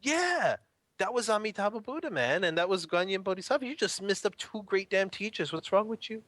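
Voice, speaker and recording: A man voicing an exasperated old man who scolds a monk in a high, raised voice. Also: lively intonation, a little fast, fairly bright tone, no echo. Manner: incredulous, scolding outburst.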